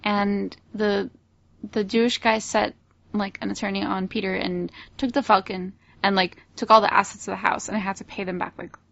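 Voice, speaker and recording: A woman with a gravelly, creaky voice at a middling pitch co-hosts a relaxed podcast. She retells stories haltingly, stopping often on fillers. The sound is dull and lo-fi. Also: no echo. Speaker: podcast co-host. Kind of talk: casual stoner chat.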